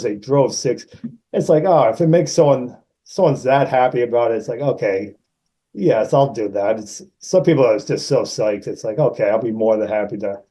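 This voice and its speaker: A man in his sixties from Massachusetts, a guest actor telling animated anecdotes and acting out the people in them. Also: rough recording. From Massachusetts, USA. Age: 60s. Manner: animated anecdotes, raises pitch to act out quoted people. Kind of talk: casual storytelling.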